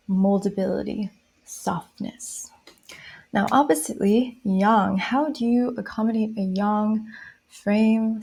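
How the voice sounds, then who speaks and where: A woman explaining a style system in a lesson, speaking softly and listing qualities one phrase at a time. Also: mid-range voice. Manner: slow, soft-spoken, listing qualities one by one. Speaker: style educator.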